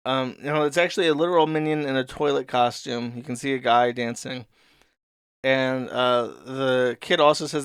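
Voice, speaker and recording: A man's voice: medium pitch, steady tone, moderate pace, clear, resonant tone, no echo, clean studio sound. Sardonic man riffing crude commentary. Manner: rambling, crude and sardonic, with fillers. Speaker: host. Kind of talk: comedic commentary reading a comic.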